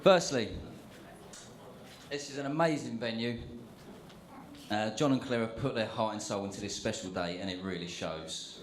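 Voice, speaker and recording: A man's voice: lowish voice, normal speed, pauses often, a little hiss or hum. Joking best man in an echoey hall. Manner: jokey, chatty, with many fillers and asides. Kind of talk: wedding speech. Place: wedding reception venue, indoors.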